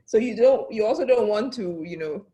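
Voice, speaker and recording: A woman on a casual panel talks in a wry, relaxed way and teases with quick mock voices. Her voice sits at a middle pitch.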